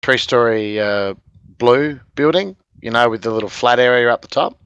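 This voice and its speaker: A man's voice: medium pitch, moderate pace, a bit bright, clean tone, no room sound, lo-fi sound. A man with an Australian accent, chatting casually on a podcast, a rambling storyteller who laughs often. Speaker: podcast guest, game video maker. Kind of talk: casual chat.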